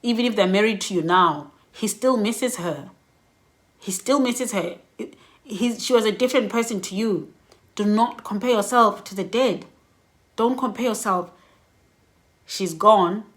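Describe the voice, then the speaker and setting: A middle-aged woman giving candid, reflective personal advice in a vlog, laughing softly between points. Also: medium pitch, unhurried, pauses often. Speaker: vlogger.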